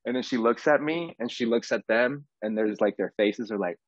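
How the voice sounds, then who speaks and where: A man guest on a podcast, telling his story in a casual, animated way, saying "bro" often and acting out what people said. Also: mid-range voice, moderate pace, no room sound, muffled recording. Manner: animated, says "bro" a lot, acts out quotes.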